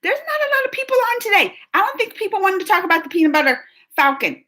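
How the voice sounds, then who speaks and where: A woman hosting a live movie chat, talking in a rambling, animated way with lots of fillers and laughs. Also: very high-pitched, fast. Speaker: host of a movie reaction livestream. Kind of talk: casual livestream chat.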